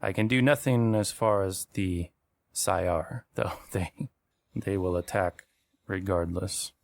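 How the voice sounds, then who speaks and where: A man's voice: deep voice, steady tone, takes it slowly, creaky, full character voice. A man voicing a dignified male desert village elder in a tabletop role-play, speaking formally and courteously.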